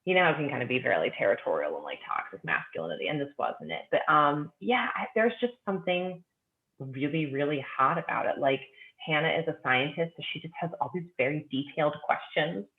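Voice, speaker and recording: Deep-voiced, animated and brisk, a woman appearing as a guest author chats casually and excitedly about books, using plenty of fillers. The sound is tinny and echoey, as if over a remote phone line.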